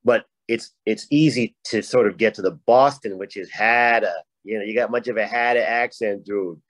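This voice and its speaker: A man's voice: on the low side, moderate pace, a bit bright, dry recording, rough recording. A man from Rhode Island with a Rhode Island accent, a guest author talking casually and rambling with many restarts. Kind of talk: casual panel chat.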